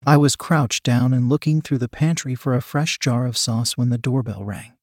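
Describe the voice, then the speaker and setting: A man reading a first-person story aloud in an even, measured narration. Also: mid-range voice, dry recording, studio quality. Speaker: audiobook narrator.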